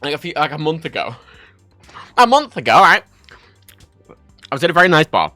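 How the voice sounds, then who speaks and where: A man from Ireland, chatting casually on a livestream, telling stories in an animated, sweary way. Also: a little high, normal speed, no room sound, soft background music. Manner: animated, sweary storytelling, reads chat aloud. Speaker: livestream host.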